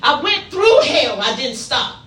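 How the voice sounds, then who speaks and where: A woman's voice: high voice, very animated, measured pace, a bit bright, echoey room, far from the mic. A woman preaching a sermon in short, punchy call-and-response bursts, playful and acting out little asides. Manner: playful, acts out asides and quotes.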